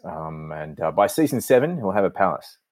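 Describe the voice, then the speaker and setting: A man's voice: low voice, sing-song, a little fast, darkish tone, dry recording. A man hosting a chat, teasing the others dryly and narrating scene directions. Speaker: host and narrator.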